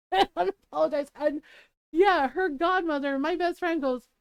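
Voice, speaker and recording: A woman's voice: high-pitched, measured pace, no echo, studio quality. A middle-aged woman streamer telling a family story in casual chat. She laughs often as she talks and acts out the people she quotes.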